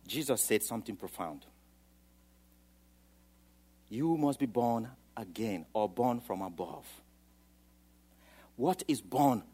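A man preaching a sermon, swinging from quiet, low asides to loud, emphatic declarations. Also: husky. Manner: dramatic, swings from soft to loud, acts out quoted voices.

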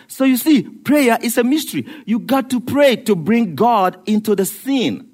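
High-voiced, animated male preacher. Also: moderate pace. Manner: animated, rhetorical, laughs at his own jokes. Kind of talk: sermon.

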